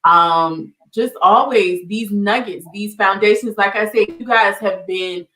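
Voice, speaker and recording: A woman's voice: medium pitch, a little slow, a bit bright. A woman hosting an educational show, talking casually and encouragingly to the audience. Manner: encouraging, with fillers and restarts. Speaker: show host. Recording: echoey room.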